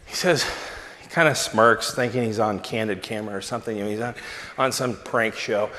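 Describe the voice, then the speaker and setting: A man preaching a sermon and telling a personal story with animated, self-mocking delivery. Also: a little fast, a little hiss or hum. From Southern California. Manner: lively storyteller, big pitch swings, self-mocking. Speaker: pastor. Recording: long hall reverb.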